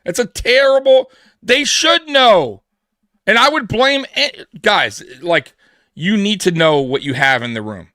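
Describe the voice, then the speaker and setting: This studio-quality clip, free of echo, features a man with a high, sharp voice co-hosting a live pregame sports show. He is animated but unhurried, hammering his point home with repetition and acted-out quotes in easygoing sports banter.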